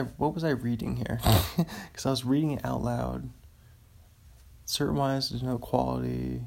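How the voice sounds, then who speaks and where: A man's voice: medium pitch, gravelly, darkish tone. A man hosting a casual solo podcast, rambling and easily amused, chuckling as he reads material aloud. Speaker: podcast host.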